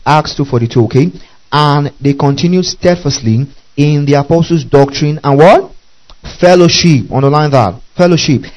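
A man's voice: fairly high pitch, moderate pace, darkish tone, poor audio. A male preacher reading scripture aloud and explaining it, repeating key words and often asking "okay?" and telling listeners to underline. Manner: checks in constantly with "okay?" and "underline that". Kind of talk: Bible teaching sermon.

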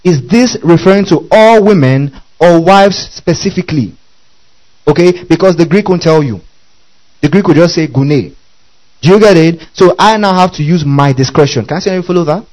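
A man's voice: on the high side, moderate pace, a little mellow, poor audio. A man preaching a Bible-teaching sermon, often asking the congregation whether they follow. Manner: keeps checking the audience follows, repeating questions.

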